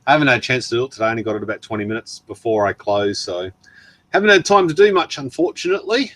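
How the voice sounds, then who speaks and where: This Australian man is hosting a laid-back live stream, chatting his way through viewer messages with plenty of laughs and ums. His mid-range voice is animated, rapid-fire and a bit bright, though his throat sounds worn from talking so long. There's no room sound at all.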